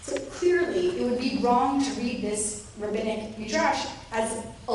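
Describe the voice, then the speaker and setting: Female lecturer, high voice, animated delivery, distant mic in a very echoey room. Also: moderate pace. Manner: lively, acts out quoted voices with rising pitch. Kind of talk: academic lecture. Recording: roomy echo, distant mic, faint noise.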